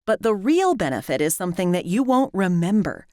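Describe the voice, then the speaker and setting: A woman narrating a scripted lesson, clearly and deliberately, stretching out the example words. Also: mid-range voice, sing-song, dark tone, dry recording, clean studio sound. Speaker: language teacher.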